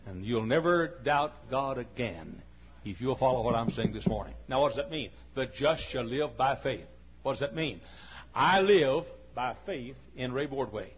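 A man preaching a sermon as pastor, dropping to quiet confiding talk and rising to shouted peaks. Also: mid-range voice, lively intonation, moderate pace, breathy edge. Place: church. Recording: dull lo-fi recording.

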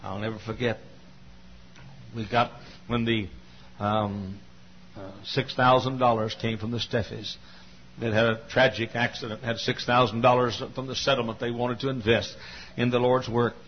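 An older man preaching a sermon, telling stories with fervor and building to loud cries. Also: mid-range voice, level tone, moderate pace, long pauses, a little hiss or hum. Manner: fervent storytelling preacher, rising to cries. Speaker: pastor. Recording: dull lo-fi sermon recording.

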